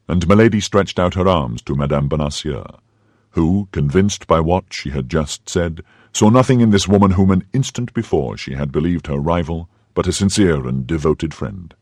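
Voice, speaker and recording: A man narrating a classic novel as an audiobook, in an expressive storytelling manner. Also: low-pitched, normal speed, no room sound, clean studio sound.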